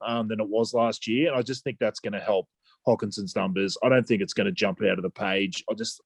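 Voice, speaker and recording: A man's voice: lowish voice, gravelly, no room sound. An Australian man co-hosting a fantasy football podcast, talking casually and hesitantly with frequent restarts. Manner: hesitant, many restarts and "I just think".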